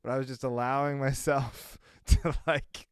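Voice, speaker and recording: Smooth-voiced man chatting casually. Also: medium pitch, flat delivery, measured pace, no room sound, clean studio sound. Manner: rambling, chuckling, lots of fillers. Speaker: podcast co-host. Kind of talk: casual chat.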